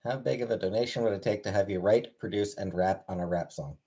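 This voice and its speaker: A man's voice: lowish voice, fast, dark tone. Laid-back man greeting viewers on stream. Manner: laid-back, greets viewers one after another by name; dry, offhand replies. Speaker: live streamer. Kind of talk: casual livestream chat, reading and answering chat.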